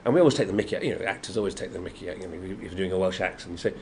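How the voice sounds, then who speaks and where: A deep, racing male voice comes from an older guest actor from Yorkshire, England, whose Yorkshire English accent runs through his interview. He's a lively storyteller, acting out quoted lines and laughing often, recorded in a noisy convention room.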